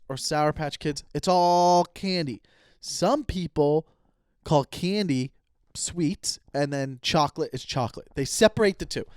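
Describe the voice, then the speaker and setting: A man in his thirties hosting a solo podcast, rambling and animated as he rants, swearing casually. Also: a little high, no echo, studio quality. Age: 30s. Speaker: podcast host. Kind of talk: solo comedic podcast rant.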